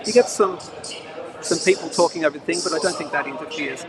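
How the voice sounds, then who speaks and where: A man's voice: fairly high pitch, fast talker, a crowd in the background. A man hosting a live bullion market show, reading news aloud with chatty asides, recorded outdoors. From Australia. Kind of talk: casual live-stream chat and news reading. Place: outdoors near traffic, between trains. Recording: noisy outdoor live stream.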